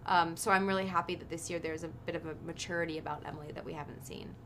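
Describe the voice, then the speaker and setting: Talking fast in a steady, low-sitting voice with a fairly bright tone, this actress in her thirties is a guest in a relaxed interview. She's chatty and reflective, often reaching for "um" and "like." There's a slight hiss or hum on the recording.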